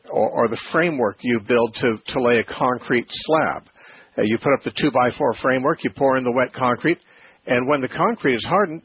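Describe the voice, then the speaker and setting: A man hosting a call-in Bible radio show, explaining ideas slowly and thoughtfully with frequent restarts. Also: medium pitch, a little hiss or hum. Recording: phone-like narrow radio sound.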